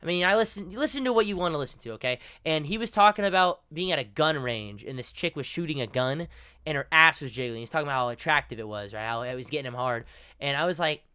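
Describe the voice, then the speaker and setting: A young man with a bright, forceful voice rants through a reaction commentary, profane and mocking. His speech is crisp and clean, set in a dry space with little room sound. He rambles on and rarely lands on one point. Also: on the high side, lively intonation, quick pace, dry recording. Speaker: commentary streamer.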